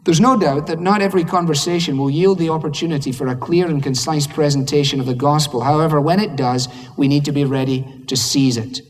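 A man's voice: fairly high pitch, a little fast, hardly any pauses, big-room sound. A man with a Scottish accent preaching a sermon in a conversational, humorous way, acting out little dialogues. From Scotland.

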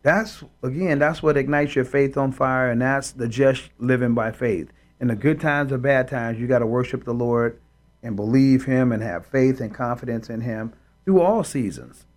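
A man's voice: mid-range voice, moderate pace. A man co-hosting a Christian talk show, speaking in an emphatic, preacherly way and quoting scripture. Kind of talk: faith talk show discussion.

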